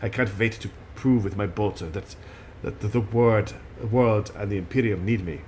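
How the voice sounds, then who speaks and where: A man voicing a stern, brooding female warrior guardian in a game, with a put-on French accent that slips, speaking low and solemn. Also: normal speed, darkish tone, slight background noise, lightly acted. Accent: put-on French, slipping. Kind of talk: reading game dialogue aloud.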